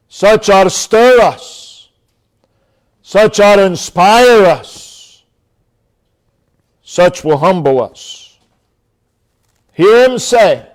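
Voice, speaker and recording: A man preaching a sermon as pastor, emphatic, with long dramatic pauses, dropping to a low quiet voice when quoting God. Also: lively intonation.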